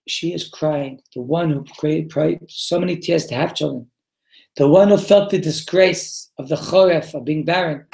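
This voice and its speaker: In an echoey room, a man leads a Torah class for a live audience as a rabbi. His slightly high voice is gravelly yet a little mellow. He reads the Hebrew aloud, explains it in English, and questions his listeners, supplying the answers himself.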